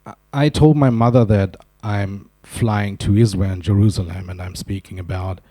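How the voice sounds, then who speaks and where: A man's voice: on the low side, steady tone, normal speed, mellow. A man from Germany giving a conference talk, telling wry, self-deprecating stories with asides. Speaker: conference speaker. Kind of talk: humorous keynote talk. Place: conference hall.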